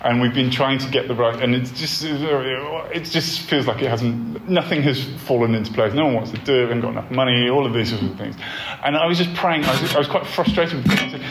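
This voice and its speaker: A man leads a church course, talking earnestly and telling personal stories in a sermon-like way, often pausing on ums and restarting his sentences. His voice sits in a middle register and carries through a roomy hall. A faint hum of noise stays underneath. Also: mid-range voice. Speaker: church leader giving a course talk.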